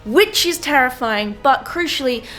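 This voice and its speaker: A woman's voice: sits high, lively intonation, measured pace, a bit bright, faint music behind. Chatty, playful woman vlogging. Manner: chatty, playful and self-mocking. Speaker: marathon runner vlogger. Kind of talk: casual vlog chat to camera. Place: indoors at a mountain training base. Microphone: handheld camera mic.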